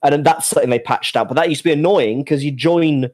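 A man's voice: fairly high pitch, fast, darkish tone, low-quality recording. A man in casual gaming chat, laid-back and profane.

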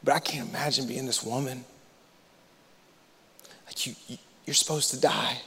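Male pastor, mid-pitched voice, dramatic sermon delivery from hush to shout, long hall reverb. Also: steady tone, moderate pace, husky. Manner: dramatic, swings from hushed near-whispers to loud impassioned preaching.

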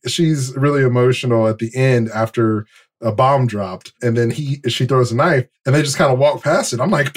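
A man co-hosting a TV podcast in loose, rambling casual chat with fillers and laughs. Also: medium pitch. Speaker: podcast co-host.

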